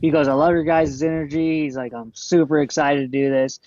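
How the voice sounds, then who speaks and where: A man's voice: fairly high pitch, fairly even intonation, fairly quick, darkish tone, no room sound. A man co-hosting a casual sports podcast, speaking in a laid-back, easygoing way. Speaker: podcast co-host. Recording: dull, dry lo-fi sound.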